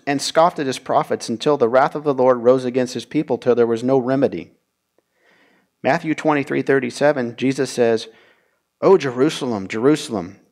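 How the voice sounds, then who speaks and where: A man leads a Bible study at a middle pitch. He reads each verse aloud and then explains it in a measured, plain teaching voice.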